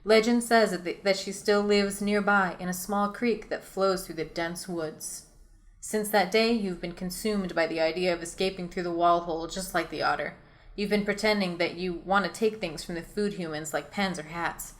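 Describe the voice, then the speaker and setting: A woman's voice: fairly low pitch, fairly even intonation, moderate pace. A woman reading her own choose-your-own-adventure story aloud as host, racing through it and often laughing at her own lines.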